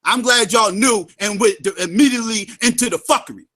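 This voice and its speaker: Guy going off on a livestream, high voice, sharp and forceful, yelling and taunting in a singsong way, says stuff twice. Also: fairly quick. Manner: heated and confrontational, shouting and sing-song taunts; repeats phrases for emphasis. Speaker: livestream host. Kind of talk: angry profane rant.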